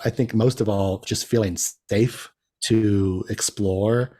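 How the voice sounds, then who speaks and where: A man's voice: on the low side, steady tone, slow, mellow. A man as a podcast guest, chatting casually in a rambling way and laughing often at himself. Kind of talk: casual chat.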